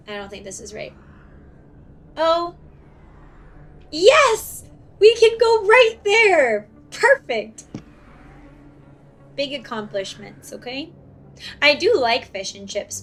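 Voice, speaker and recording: A young woman streamer giving casual, chatty, giggly commentary while playing a video game at home on a desk mic. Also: a little high. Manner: chatty, giggly, self-mocking. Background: game music.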